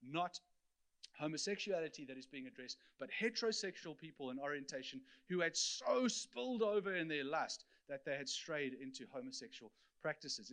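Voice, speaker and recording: A man's voice: fairly high pitch, fairly bright tone. A man preaching an earnest teaching sermon, explaining scripture and speaking directly to his congregation.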